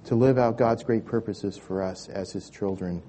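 Mellow-voiced man preaching a sermon. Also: lowish voice, steady tone, moderate pace, slight background noise. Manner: emphatic preaching with swelling intensity and repeated words. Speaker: pastor.

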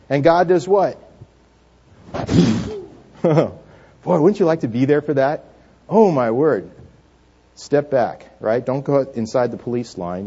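A male pastor delivers a dramatic sermon, quizzing his congregation and having them repeat lines back. His voice is mellow and a bit high for a man, and it swings between hushed passages and loud outbursts. The recording sounds dull and lo-fi. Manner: asks the congregation questions and leads call-and-response.

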